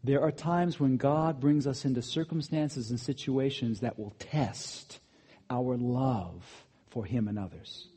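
A man preaching a sermon, swinging between loud, emphatic bursts and quiet asides. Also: mid-range voice, takes it slowly, breathy edge. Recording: long hall reverb.

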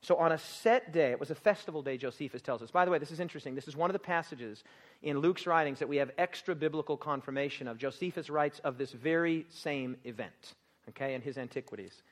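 A man preaching a sermon, lively and jokey, acting out scenes and laughing often. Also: fairly high pitch, fast.

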